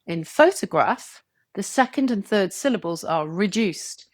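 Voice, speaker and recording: A woman giving a scripted English pronunciation lesson, clear and measured, stretching example words to show stress. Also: mid-range voice, lively intonation, no room sound, clean studio sound. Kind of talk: scripted tutorial narration.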